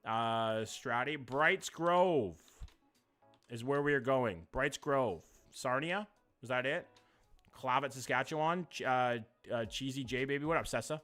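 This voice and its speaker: A young man, doing live-stream commentary, reacting to chat in a jokey, profane, animated way. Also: medium pitch, a little slow, soft background music.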